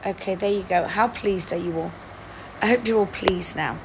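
A woman's voice: medium pitch, normal speed, noisy background. A woman, hosting a live-stream word-guessing game in a chatty, teasing, playfully dramatic way. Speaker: livestream host.

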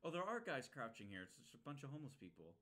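A man's voice: mid-range voice, big pitch swings, quick pace, a bit bright. A young man casually commenting on a game he is playing, ranting and swearing, with lots of fillers and restarts. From United States. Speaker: streamer.

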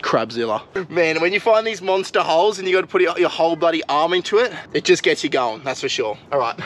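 A young Australian man vlogging outdoors, talking excitedly and casually to his viewers, with plenty of slang. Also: fairly high pitch, fast talker. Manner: excitable, slangy, swears mildly, addresses viewers as guys. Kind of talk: casual vlog narration to camera. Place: outdoors in mangrove mud flats.

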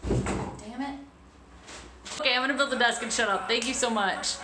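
A woman livestreaming in casual chat, excitable and given to loud, sweary outbursts. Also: a little high, normal speed, background noise. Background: background music.

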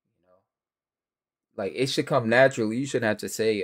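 A man's voice: mid-range voice, normal speed. A man casually commenting with slang as he reacts to a video. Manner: slangy, offhand remarks over a video. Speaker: reaction streamer.

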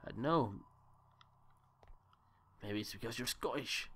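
A man's voice: medium pitch, unhurried, long pauses, fairly bright tone, slightly rough. A man giving joking, rambling commentary while playing a horror game, talking to himself. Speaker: let's play gamer. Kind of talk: gameplay commentary.

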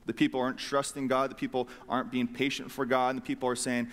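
A male pastor preaching in a church, his mid-pitched voice carrying a long hall reverb. He tells the story casually and with animation, slipping into quick, playful voices for the people in it. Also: steady tone, a bit bright. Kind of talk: sermon. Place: church sanctuary.

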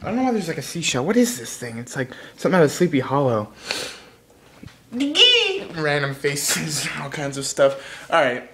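A man's voice: a little high, wildly swooping pitch, moderate pace, noisy background. A young man chatting casually in a home vlog, rambling and goofy, jumping between topics while he eats. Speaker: vlogger.

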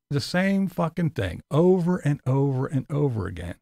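A man's voice: fairly high pitch, sing-song, moderate pace, creaky, few pauses, mellow, dry recording, clean studio sound. A man ranting sarcastically and profanely in a casual vlog. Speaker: vlogger.

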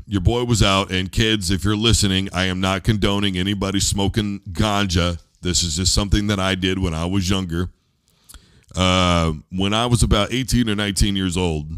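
Easygoing low-voiced man host. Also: fairly bright tone, smooth, no room sound. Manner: loose, rambling, repeats words when starting. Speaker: show host. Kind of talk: casual sports talk and storytelling.

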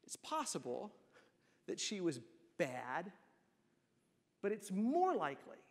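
A man's voice: high voice, huge pitch swings, slow pace, vocal fry. A man preaching a sermon in a church, asking the congregation rhetorical questions. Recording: long church hall reverb.

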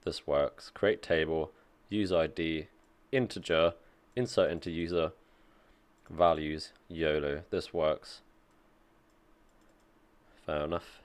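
A man with a low voice reads a technical article aloud and reacts as he goes. His remarks are casual and dry, mixing quick asides with plain reading. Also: steady tone, smooth. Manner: reads aloud and comments offhandedly, dry jokes. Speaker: tech streamer reacting to an article.

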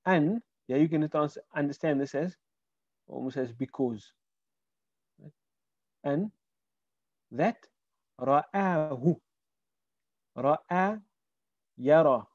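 Male Arabic teacher on a video call, warm low-key tone, dry close sound, walks through words and quizzes students. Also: extremely slow, long pauses, no echo, highs cut off. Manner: explains word by word, asks students questions. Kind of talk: online Quran Arabic lesson.

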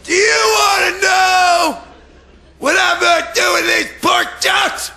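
Guy putting on a high hollering meat van seller, slow drawn out patter, echoey club, crowd roaring. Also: steady tone, gravelly, full character voice. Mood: hawking. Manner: shouting sales patter, drawn out. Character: loud male market meat seller hawking. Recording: roomy live venue with crowd laughter.

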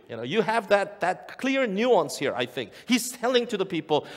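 A man's voice: high voice, very animated, moderate pace, hardly any pauses. A male pastor preaching a sermon, emphatic and repeating key phrases for weight. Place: church sanctuary. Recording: long church hall reverb.

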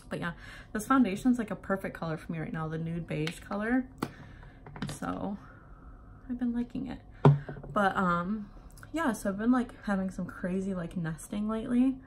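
A young woman talking casually as she does her makeup, a little out of breath, filling her speech with ums and likes. Her voice sits somewhat low for a woman. A faint hum of home noise lies under her talk. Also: creaky. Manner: chatty, many fillers like "um" and "like". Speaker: beauty vlogger. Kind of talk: casual get-ready-with-me chat.

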